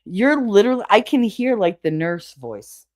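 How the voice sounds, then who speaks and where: A woman's voice: medium pitch, sing-song, moderate pace, a little mellow. A woman hosting a casual livestream, chatting with her viewers, laughing often and swearing casually. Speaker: livestream host.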